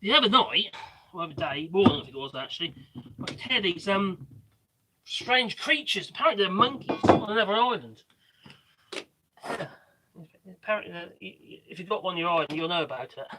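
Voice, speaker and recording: A man's voice: high voice, lively intonation, a little fast, very noisy. A man hosting a casual live stream while doing DIY work, rambling and hesitant, often muttering to himself as he works. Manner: rambling, hesitant, with many restarts and fillers.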